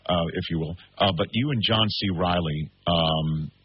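A man's voice: sits low, normal speed, husky, dry recording. A man hosting an interview, chatty and eager, jumping in with prompts and questions. The recording sounds dull and lo-fi, like radio. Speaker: interview host.

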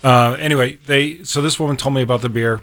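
A man from a brewery, a guest in a casual chat, explaining beer in a steady way. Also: medium pitch, fast talker.

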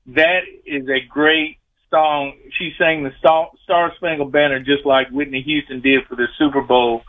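A man in his sixties phoning in to a talk radio show, his voice a little high for a man. He talks in a folksy, rambling way, and the sound is thin and tinny through a phone line. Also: flat delivery, a little slow. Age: 60s. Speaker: caller. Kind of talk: call-in radio chat.

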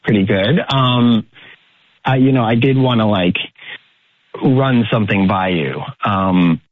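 A man on a radio show making a nervous phone call, hesitant and halting. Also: on the low side, no room sound. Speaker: caller. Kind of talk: casual phone chat.

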